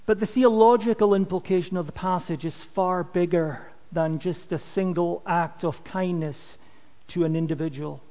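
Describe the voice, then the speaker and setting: A long reverb tail follows this man's high voice as he preaches at a moderate pace. Earnest and emphatic, he tends to let his volume sink at phrase endings.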